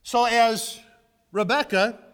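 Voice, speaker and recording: A man preaching a sermon, retelling a Bible story with lively shifts between loud narration and hushed asides. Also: very high-pitched, slow pace, smooth. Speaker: pastor. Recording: long hall reverb.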